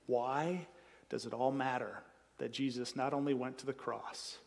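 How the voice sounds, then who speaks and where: A man preaching a sermon in a casual, conversational way, acting out quotes and rising to loud emphatic peaks. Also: mid-range voice, fairly even intonation, a little slow, gravelly, long reverb tail. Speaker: pastor.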